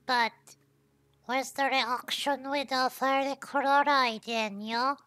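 High, bright-voiced woman streaming a game. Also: steady tone, slow pace, no room sound. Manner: swears freely and ends lines with "yo"; thinks aloud while trying things out. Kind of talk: casual game commentary.

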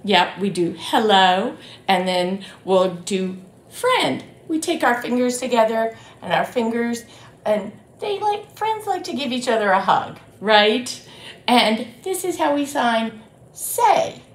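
A woman's voice: a little high, takes it slowly. Sing-song woman leading storytime. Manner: animated, sing-song, addresses children and grown-ups. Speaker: children's librarian. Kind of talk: children's storytime. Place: library room. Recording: roomy echo.

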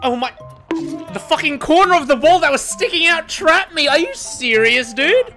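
A man in his twenties commentating his own gameplay, excitable and swearing often, pleading and yelling at the game, voice going hoarse. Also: very high voice, normal speed, soft background music. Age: 20s. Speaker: gaming YouTuber.

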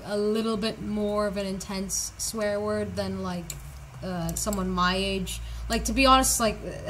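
A woman's voice: medium pitch, fairly bright tone, slight background noise, low-quality recording. A young woman streaming a building game, jumpy and joking, cutting in with slangy, self-mocking asides. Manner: slangy, casual. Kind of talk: live gameplay commentary.

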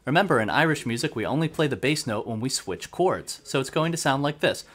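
A man's voice: medium pitch, lively intonation, brisk, fairly bright tone. A man teaching accordion who explains methodically and counts beats aloud. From United States. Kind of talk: instructional music lesson. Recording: accordion playing throughout.

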